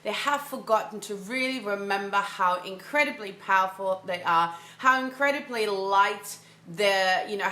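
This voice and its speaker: A woman's voice: medium pitch, bright, forceful tone, echoey room. A woman mindset coach giving an enthusiastic, casual motivational talk, often repeating phrases for emphasis. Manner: casual, filler-heavy delivery. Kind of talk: motivational monologue.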